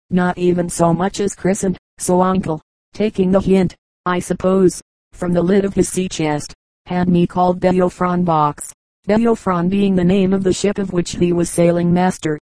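A woman reading a comic periodical aloud as an audiobook, in a measured, even manner. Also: lowish voice, no echo, rough recording. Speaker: audiobook reader.

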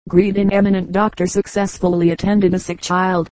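A woman narrating an audiobook of humorous anecdotes in an even, unhurried reading voice. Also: on the low side, no room sound, low-quality recording. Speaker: audiobook reader.

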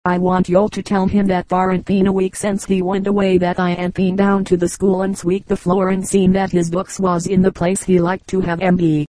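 A woman's voice: fairly low pitch, normal speed, few pauses, dry recording, lightly acted. A woman reading the lines of a poor mountain boy in a listless, passionless storybook voice. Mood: wistful. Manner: listless, flat, lifeless delivery.

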